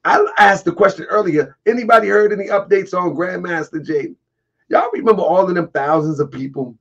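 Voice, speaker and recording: A man hosting a casual livestream, husky and getting over a cold, talking to viewers, laughing often and answering chat comments. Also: fairly high pitch, fairly bright tone, muffled recording. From Baltimore area. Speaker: livestream host.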